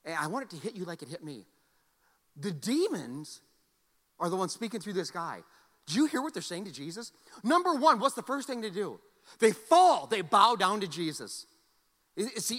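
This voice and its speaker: Lively, bright-voiced preacher in a reverberant church. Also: male voice, sits high. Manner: conversational, joking, repeats words as he restarts. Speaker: pastor. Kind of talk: sermon.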